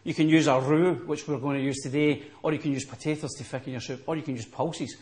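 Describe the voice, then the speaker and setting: A man's voice: fairly high pitch, fairly even intonation, quick pace, darkish tone. A man working as a chef, patiently explaining a recipe step by step in a studio kitchen. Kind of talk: cooking demonstration.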